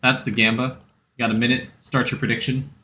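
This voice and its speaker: Bright-voiced male game streamer. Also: medium pitch, little pitch movement, brisk, slight background noise. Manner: rambling, answers chat between game tips. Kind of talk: casual game stream chat.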